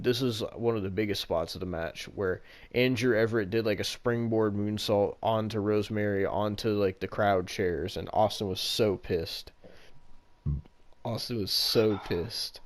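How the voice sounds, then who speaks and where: A man's voice: lowish voice, fairly even intonation, normal speed, darkish tone. A man co-hosting a podcast in casual chat, ranting in an exasperated, profane way about a wrestling match. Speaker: podcast co-host.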